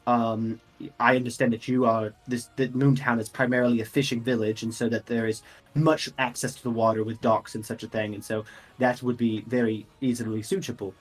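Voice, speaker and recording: A man voicing a courteous, businesslike woman who represents a merchants guild in a tabletop game, speaking formally with hesitant pauses. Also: medium pitch, level tone, close to an everyday voice.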